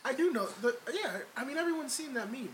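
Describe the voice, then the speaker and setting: A man co-hosting a podcast, loud and teasing, egging his friends on in casual banter. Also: very high voice, animated, quick pace, slight background noise, poor audio. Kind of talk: casual chat among friends.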